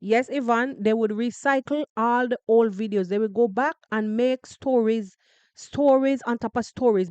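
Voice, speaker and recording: A woman from Jamaica with a Jamaican accent, giving animated, emphatic commentary on a live podcast and repeating phrases for effect. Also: mid-range voice, clean tone, dry recording, lo-fi sound. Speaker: podcast host.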